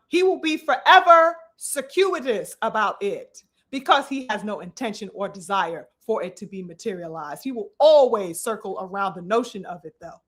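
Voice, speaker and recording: A woman's voice: on the high side, a bit bright. A woman giving emphatic, profane boxing commentary, addressing her audience like a preacher. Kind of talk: opinionated commentary vlog.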